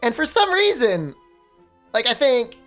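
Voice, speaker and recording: A woman's voice: a little high, very animated, unhurried, a bit bright, soft background music. A woman streamer casually telling a rambling story during a live stream, often breaking into laughs. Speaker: game streamer.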